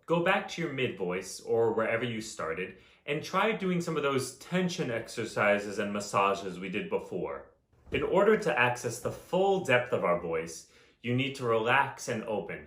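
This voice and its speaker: A man teaching a voice lesson in a calm, instructive way, with chanted vocal examples. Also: medium pitch, reverberant. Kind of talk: vocal lesson with sung demonstrations.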